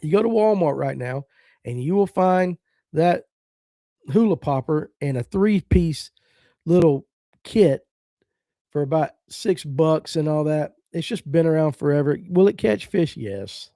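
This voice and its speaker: A middle-aged man from the American South talks bluntly and casually on a fishing podcast, sharing strong opinions and reading viewer comments aloud. His voice sits a bit high for a man but sounds warm and mellow. The room is dry and close, with no echo. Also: animated, unhurried. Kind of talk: casual live-stream chat.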